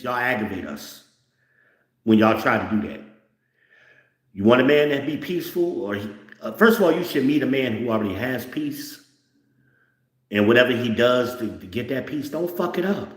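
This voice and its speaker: A man giving blunt, profane relationship advice in an animated, lecturing monologue. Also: medium pitch, moderate pace, long pauses, reverberant. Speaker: online commentator.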